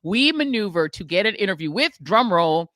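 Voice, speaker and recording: Animated American woman telling stories. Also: medium pitch, moderate pace, no echo. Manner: animated storytelling, acting out quoted voices. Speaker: podcast host. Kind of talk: casual chat.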